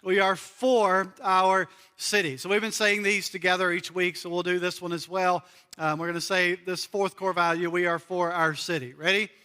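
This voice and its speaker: A man's voice: high-pitched, steady tone, fairly quick, pushed and bright, clean tone, long reverb tail. A man from the United States preaching a sermon as pastor in a church, earnest and repeating key phrases for emphasis. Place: church sanctuary.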